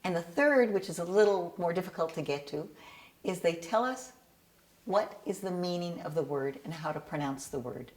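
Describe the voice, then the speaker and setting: Patient woman tutor, lowish voice. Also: expressive. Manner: patient, measured explanation with sung examples. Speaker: bar and bat mitzvah cantillation tutor. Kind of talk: explaining her teaching method.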